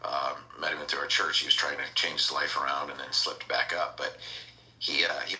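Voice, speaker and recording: A man's voice: a bass voice, fairly even intonation, fairly quick, sharp tone, a little hiss or hum, low-quality recording. A man on a casual podcast, telling a long rambling story with crude slang.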